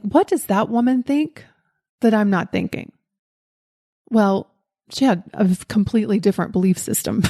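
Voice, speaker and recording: Woman, faint Southern US accent, podcast host, motivational talk, lively storyteller, mid-pitched voice. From Southern United States. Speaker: podcast host and life coach.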